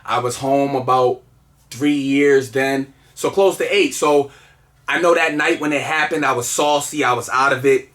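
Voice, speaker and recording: A man's voice: medium pitch, normal speed, a bit bright. A man telling a personal story in casual, earnest conversation, with lots of fillers and restarts. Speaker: guest telling his story.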